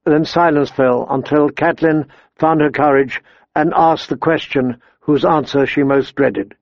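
A man reading a fantasy novel aloud in measured, steady narration, quietly voicing the characters' dialogue. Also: on the high side, no echo, dull audio. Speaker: audiobook narrator.

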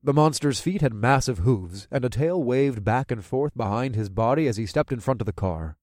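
A man reading first-person fantasy narration in an expressive, lively way. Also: mid-range voice, moderate pace, no echo, clean studio sound. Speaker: audiobook narrator.

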